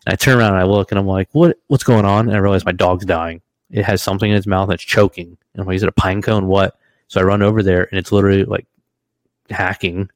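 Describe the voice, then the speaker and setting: Low-voiced man telling a rowdy story. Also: fast, no echo. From Washington state, US. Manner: animated storyteller, swears freely, laughs through his stories. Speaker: podcast co-host. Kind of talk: casual storytelling chat.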